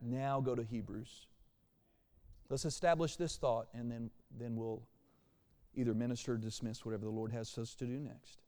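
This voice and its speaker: A man preaching a sermon as pastor, animated, shifting between quiet and loud passages. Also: medium pitch, normal speed, big-room sound. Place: church sanctuary.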